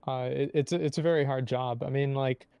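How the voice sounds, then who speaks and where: A man's voice: mid-range voice, steady tone, a little fast, vocal fry, warm tone, clear, resonant tone, no echo. A man in casual chat who hedges a lot, saying "I mean, like" and agreeing easily. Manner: hedging, agreeable, many "I mean, like". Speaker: podcast guest.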